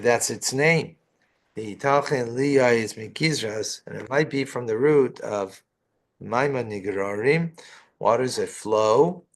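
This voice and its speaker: A man's voice: mid-range voice, creaky. A man teaching a line-by-line text study, reading each phrase and explaining it with rhetorical questions. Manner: reads Hebrew phrases then explains in English, with asides and rhetorical questions. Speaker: rabbi teaching Torah.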